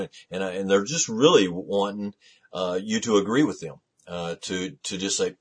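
A man's voice: on the low side, moderate pace, breathy edge. A middle-aged male pastor preaching a sermon, building intensity with pointed rhetorical questions.

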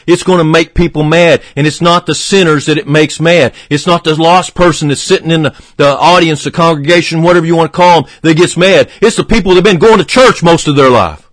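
A man preaching a fervent radio sermon, swinging from emphatic peaks to hushed, low passages. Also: dry recording.

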